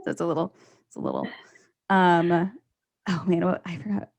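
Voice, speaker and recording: A woman's voice: fairly low pitch, wildly swooping pitch, normal speed, creaky, darkish tone. A woman stand-up comedian in casual conversation, chatty and rambling, laughing often.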